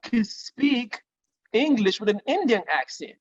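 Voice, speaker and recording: Offering career advice as a guest in a conversational interview, this Nigerian singer explains things vividly through analogies and often checks that his listener is following. His voice is very high, his pace measured, and the recording sounds muffled.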